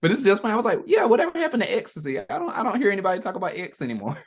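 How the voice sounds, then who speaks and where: A woman's voice: medium pitch, sing-song, breathy edge. A woman co-hosting a movie podcast, musing casually with lots of laughter. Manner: laughing, musing, quick asides. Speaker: podcast co-host.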